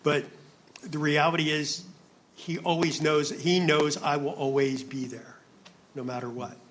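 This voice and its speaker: Earnest male panelist, slightly high voice. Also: level tone, a little slow, a bit bright. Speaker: panelist, ministry worker. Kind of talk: panel discussion.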